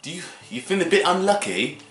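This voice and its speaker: A man putting on a prim British chap, high-pitched, cheeky, roomy sound. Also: big pitch swings, quick pace, fairly bright tone. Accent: British, put on. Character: snooty British football fan man. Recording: roomy, faint music.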